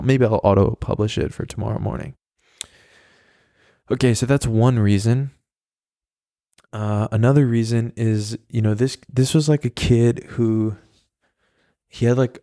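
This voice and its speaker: A man's voice: fairly low pitch, warm tone, no echo, clean studio sound. A man hosting a podcast alone, telling a story in a rambling, profane way and laughing at himself. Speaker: podcast host. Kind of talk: casual solo storytelling.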